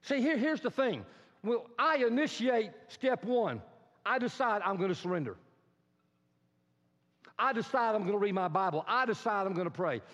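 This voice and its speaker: High-voiced pastor preaching in a hall. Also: male voice, normal speed, long pauses. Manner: animated, mimics complainers, humorous asides. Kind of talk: sermon. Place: church hall. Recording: reverberant hall, dull sound.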